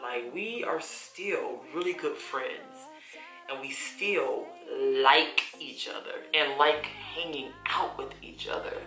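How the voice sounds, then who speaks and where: A woman's voice: low voice, slow, bright, forceful tone. A woman in her thirties chatting casually while doing her makeup, laughing often and using folksy slang. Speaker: beauty vlogger. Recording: echoey room with faint music.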